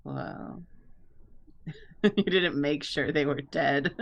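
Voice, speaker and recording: A woman's voice: low-pitched, expressive, extremely slow, creaky. A woman co-hosting a casual drawing stream, joking dryly and laughing often. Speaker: stream co-host and artist. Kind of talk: casual chat.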